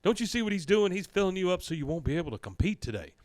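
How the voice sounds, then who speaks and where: A man's voice: high-pitched, big pitch swings, very fast, darkish tone, no echo, clean studio sound, pitched above the performer's own voice. A man voicing a stern, upright middle-aged male cartoon salesman, quoting him in an indignant, lecturing tone.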